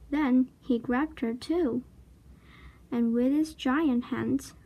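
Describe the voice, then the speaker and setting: A woman reads a children's storybook aloud at an unhurried pace. Her voice sits high and has a husky, breathy edge. She narrates steadily and deliberately. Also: mellow. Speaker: reader. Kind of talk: children's book read-aloud.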